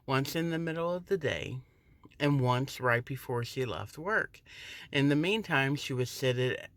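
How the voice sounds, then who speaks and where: A woman's voice: a bass voice, no echo. A woman working as a campus security officer tells a casual story while walking to her car through a parking garage, recorded on a phone she holds as she walks. She acts out the people in her story by raising her voice for their lines. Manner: animated, acts out quoted dialogue in a raised voice. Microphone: phone held while walking.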